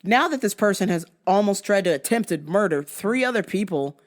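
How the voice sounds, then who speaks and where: A woman's voice: medium pitch, animated, moderate pace. A woman hosting her own show, telling a story as a heated, profane rant and acting out both sides of the exchange. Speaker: podcast host.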